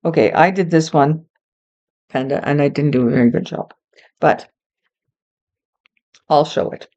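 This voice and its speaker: A woman teaching English to learners, speaking slowly and clearly in a patient, encouraging way. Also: low-pitched, a little mellow, dull audio. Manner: patient, encouraging, talks to a child helper.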